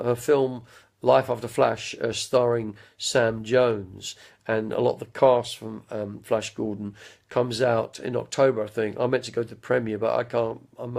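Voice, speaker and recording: A man chats live from home with his viewers, drifting from one anecdote to another and breaking into impressions and song. His mid-range, darkish voice has vocal fry, fairly even intonation, and a measured pace.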